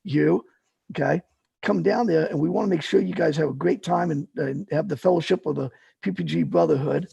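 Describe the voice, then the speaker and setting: A man's voice: on the high side, fairly quick, creaky, warm tone, slightly rough, no echo. A middle-aged man telling paramotor stories in a rambling, casual way, full of fillers and restarts. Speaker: guest, paramotor fly-in organizer. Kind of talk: casual storytelling.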